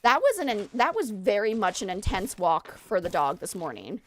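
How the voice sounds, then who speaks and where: Slightly breathless, a woman streams a game and chats in a rambling way, hopping between subjects as faint game music plays. She speaks in a medium, sing-song voice at a moderate pace, with a little hiss or hum in the audio.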